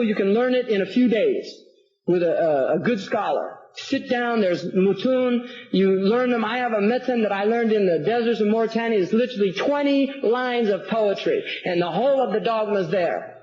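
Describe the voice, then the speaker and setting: Sarcastic man lecturing in an echoey hall. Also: high voice. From United States. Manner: animated, sarcastic, repeats words while building a point. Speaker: Islamic scholar and lecturer. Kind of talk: public lecture with audience questions. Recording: roomy, dull lecture hall recording.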